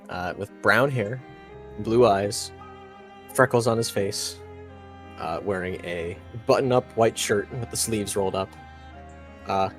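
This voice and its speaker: A man narrating a tabletop game as game master, describing scenes in unhurried detail. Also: on the low side. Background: faint background music.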